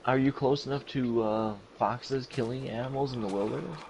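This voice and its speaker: A man's voice: medium pitch, fairly even intonation, normal speed, gravelly, a little mellow, a little hiss or hum. A man chatting casually with a friend on a gaming stream, making brief joking remarks. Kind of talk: casual chat.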